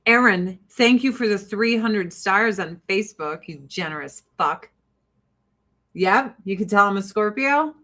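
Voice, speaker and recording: A woman's voice: mid-range voice, measured pace, sharp tone. A woman from the Joliet area hosting a casual livestream chat with viewers, blunt and jokey, swearing freely. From Joliet, Illinois, USA. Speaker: livestream host and beauty product seller.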